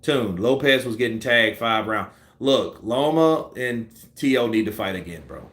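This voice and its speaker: A man's voice: mid-range voice, a little slow, echoey room. A man giving casual, profane boxing commentary on a live stream, acting out punch combinations. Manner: animated, profane, acts out punch sequences.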